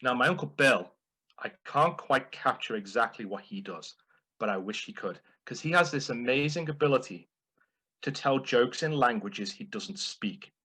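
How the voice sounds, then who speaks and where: A man's voice: mid-range voice, animated, bright, forceful tone, breathy edge, rough recording. A man delivering a playful, humorous prepared speech at a speaking club. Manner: playful, deliberate.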